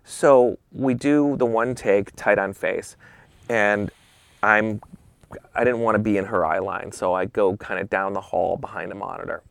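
A man, a photographer and interview guest, telling an animated anecdote and acting out the dialogue. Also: lowish voice, measured pace, gravelly, clear, resonant tone, no echo. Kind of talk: anecdotal storytelling.

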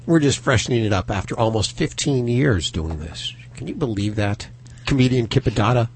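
A man's voice: medium pitch, expressive, fairly quick, slight background noise. A man hosting a radio show, bantering in an upbeat, joking way. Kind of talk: casual studio banter.

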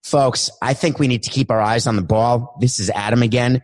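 A man's voice: medium pitch, fairly even intonation, a little fast, close to an everyday voice. A man doing an exasperated, weary league commissioner trying to keep order on a chaotic call. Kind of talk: comedic impression sketch.

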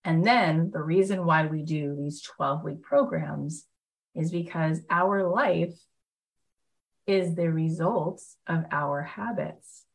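Lively, lower-voiced woman motivational speaker. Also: slow pace, vocal fry, rough recording. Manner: animated storyteller, enthusiastic, chatty with many fillers. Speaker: motivational speaker and program host. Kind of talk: live motivational talk.

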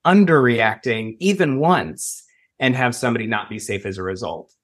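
A man being interviewed as a safety expert, explaining in an earnest, measured way. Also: mid-range voice, animated, a bit bright. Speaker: school safety expert guest. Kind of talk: conversational interview. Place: Los Angeles.

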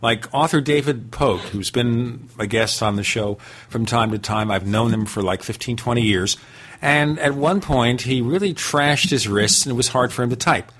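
A man's voice: medium pitch, moderate pace, fairly bright tone. A man hosting a talk show, asking a guest questions and pushing back on his answers. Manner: inquisitive, pushes back with questions. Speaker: host. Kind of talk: interview conversation.

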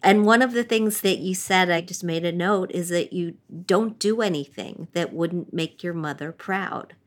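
A woman hosting an interview podcast, asking questions in a measured, conversational way. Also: fairly low pitch. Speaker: podcast host.

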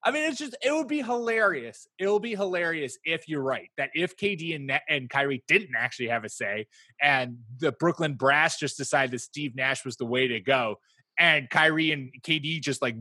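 Male podcast co-host, forceful husky voice, dry close mic; animated, joking, rambly. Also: fairly high pitch, moderate pace, no room sound. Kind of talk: casual chat.

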